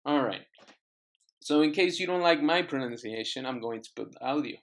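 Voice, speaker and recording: A man's voice: medium pitch, moderate pace, a bit bright. A man teaching an English class, patiently repeating words and phrases for his students to echo. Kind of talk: online classroom lesson.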